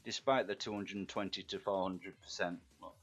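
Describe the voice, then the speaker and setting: A middle-aged man with a rough Yorkshire accent, chatting and bantering with viewers while he paints miniatures on a live stream. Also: deep voice, fairly even intonation, brisk, a bit bright. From England. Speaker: live-stream hobby host. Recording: dull lo-fi stream audio, faint music.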